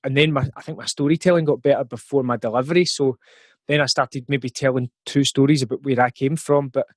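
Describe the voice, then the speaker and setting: A man's voice: mid-range voice, steady tone, brisk, no room sound. A Scottish man in his forties, a rapper guest on a podcast, talking reflectively and thinking aloud with plenty of fillers. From Scotland. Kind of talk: podcast interview.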